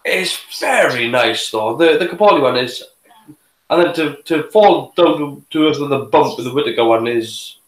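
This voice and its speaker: A man's voice: medium pitch, animated, normal speed, echoey room, low-quality recording. A man hosting a casual live reaction, speaking in an opinionated, hesitant way with many restarts. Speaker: show host reviewing TV.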